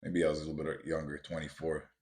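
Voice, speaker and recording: Deep-voiced man telling a motivational story. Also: flat delivery, fast, a little mellow. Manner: builds to emphatic, repetitive punches; casual, addresses listeners as guys. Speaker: podcast host. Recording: roomy echo.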